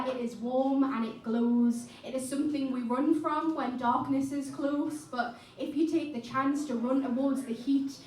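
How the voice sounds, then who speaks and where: High-voiced woman performing spoken word poetry. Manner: impassioned, rhythmic delivery with chatty asides. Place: live music venue stage. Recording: echoey room, mic at a distance.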